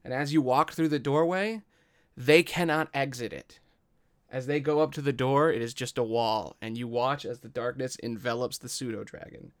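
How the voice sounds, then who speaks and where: A man acting as game master, narrating a tabletop game in a slow, measured way. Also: medium pitch, fairly even intonation, smooth.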